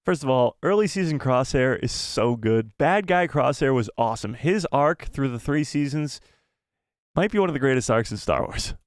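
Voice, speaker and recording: A man's voice: mid-range voice, lively intonation, moderate pace, no room sound. A man hosting a casual live stream, reading viewer messages in a jokey, self-deprecating, rambling way into a close microphone. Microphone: close desk microphone.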